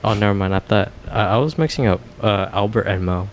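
Young male co-host, lowish voice, rambling and full of fillers. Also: a little fast, slight background noise. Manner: rambling, hesitant, lots of fillers. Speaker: podcast co-host. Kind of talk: casual podcast chat.

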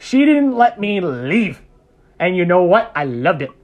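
High-voiced man telling a story. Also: big pitch swings, a little slow, dull audio. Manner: profane, laughs often. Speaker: podcast guest. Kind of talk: casual storytelling.

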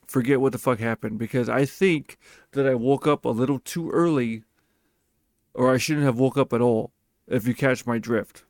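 A man's voice: mid-range voice, moderate pace, dry recording, studio quality. A man host telling a personal story in a casual monologue, swearing often and speaking with emphasis. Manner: profane, emphatic and animated.

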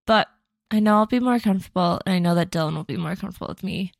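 A woman's voice: fairly low pitch, quick pace, creaky, dry recording. A young woman co-hosting a podcast, chatting casually, rambling and laughing often. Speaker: podcast co-host. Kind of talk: casual chat.

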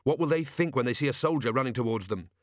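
A man's voice: medium pitch, animated, fast, dry recording, lightly acted. Dry practical young watchwoman, man reading the part, no frills, dry room. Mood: wry. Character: sharp-witted young woman, city watch officer. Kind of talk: audiobook character reading.

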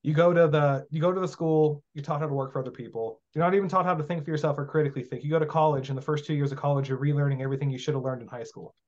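Blunt, profane man with higher pitch. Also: fairly even intonation, very fast, few pauses, a little mellow. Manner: blunt, profane, acts out dialogue. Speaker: guest teaching magic. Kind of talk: casual podcast conversation. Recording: dull lo-fi sound.

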